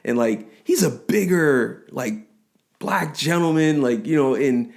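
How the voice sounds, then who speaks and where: A man in his forties co-hosting a podcast, telling a story in casual chat with lively restarts and frequent laughs. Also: medium pitch, a little slow, creaky. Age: 40s. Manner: animated storyteller, rambling restarts, laughs often. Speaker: podcast co-host.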